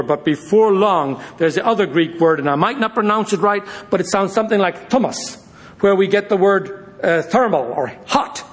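A man leading a Bible study in an animated, joking storytelling manner. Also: sits high. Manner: animated, jokey, addresses listeners as guys. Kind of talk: informal sermon with storytelling.

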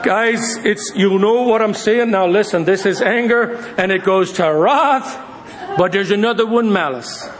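A man teaching a Bible study in a lively, high voice. He tells stories, jokes with his listeners and keeps things informal. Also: a little slow, a little hiss or hum. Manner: animated, jokey, addresses listeners as guys. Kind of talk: informal sermon with storytelling.

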